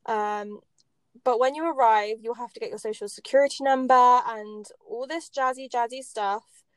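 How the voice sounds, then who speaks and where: A woman's voice: fairly high pitch, steady tone, moderate pace, clean tone, no room sound. A young woman co-hosting a podcast in a casual, chatty way, laughing often. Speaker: podcast co-host. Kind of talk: casual chat.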